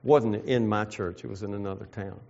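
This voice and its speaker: A man preaching a sermon, reading scripture and slowing down to stress key phrases. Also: on the low side, fairly even intonation, creaky, a little mellow. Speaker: pastor. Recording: dull lo-fi sound.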